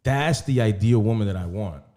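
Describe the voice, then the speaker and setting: A man's voice: on the low side, animated, moderate pace, dark tone. A man co-hosting a casual podcast, talking candidly and profanely about his relationship. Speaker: podcast co-host. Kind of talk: casual chat.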